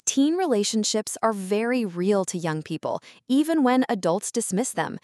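A woman delivers scripted educational narration at an ordinary mid pitch for her sex. She paces through each point in a measured, even reading. The sound is dry and close, with no room around it. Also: no room sound. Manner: measured, steady reading of lists.

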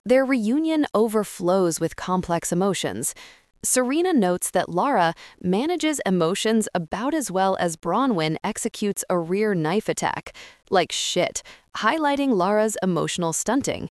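A woman reading a scripted book summary in a steady, even storytelling manner. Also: mid-range voice, unhurried, no echo, studio quality. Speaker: narrator.

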